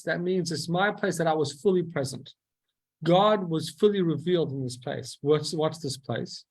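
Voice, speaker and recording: Male teacher, husky and slightly high, explains a text step by step, asks his own questions and answers them. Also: moderate pace, a little mellow.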